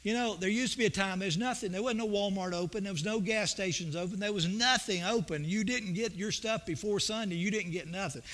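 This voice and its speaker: A man preaching in a church with a high, ringing, forceful voice. He tells homespun stories and swells into emphatic, repeated questions. The delivery moves between soft, conversational asides and bursts of preaching. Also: brisk, hardly any pauses. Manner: folksy, storytelling preacher with rising emphatic bursts. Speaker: pastor. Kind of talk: sermon. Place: church sanctuary.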